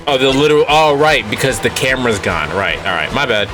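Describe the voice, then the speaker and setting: A man's voice: medium pitch, big pitch swings, fairly quick, music in the background. A man streaming a game and chatting casually, joking around and swearing as he plays. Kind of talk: casual gameplay chat.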